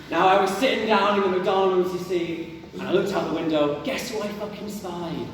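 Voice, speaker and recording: A man's voice: high-pitched, fairly even intonation, normal speed, noisy background. Young guy doing stand-up, rambly jokey stories, echoey hall, far from mic. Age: young adult. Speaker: stand-up comedian. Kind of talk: stand-up routine. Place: university comedy gig venue indoors.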